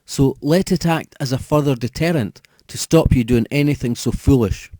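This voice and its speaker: A nervous young priest who hesitates and stumbles for words, as the narrator plays him. The voice is mellow and warm, somewhat raised, in a dry, close recording. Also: male voice, mid-range voice, moderate pace, no echo, pitched above the performer's own voice, natural voice. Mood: flustered. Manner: hesitant, stammering.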